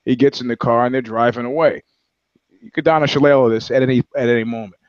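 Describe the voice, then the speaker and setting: A man's voice: mid-range voice, steady tone, fast, clear, resonant tone, no echo. A man co-hosting a podcast in casual banter, a profane storyteller who rambles through anecdotes. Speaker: podcast co-host. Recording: slightly dull dry audio.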